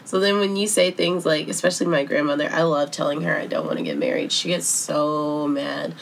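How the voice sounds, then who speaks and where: Woman, podcast co-host, lowish voice, blunt dry wit, faint hiss. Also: animated, creaky. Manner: dry, blunt, teasing, quick asides. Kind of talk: casual chat.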